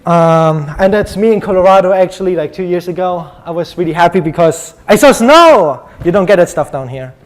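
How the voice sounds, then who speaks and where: A man's voice: high-pitched, lively intonation, fairly quick, hardly any pauses. A young man from Germany with a German accent, giving a chatty, joking conference talk full of ums. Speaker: conference speaker.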